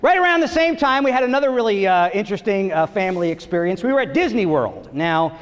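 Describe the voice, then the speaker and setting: Family stories fill this stand-up set from a middle-aged comedian from Long Island, New York, performing lively on a theater stage and voicing his characters. His voice sits high and smooth at a quick pace, with a big-room sound.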